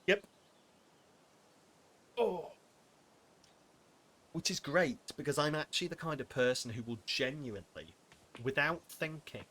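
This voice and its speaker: A man's voice: medium pitch, fairly bright tone, a little hiss or hum. A young man streaming a farming game, chatting to his viewers in a rambling, self-mocking way. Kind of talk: casual live-stream chat while playing. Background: game music.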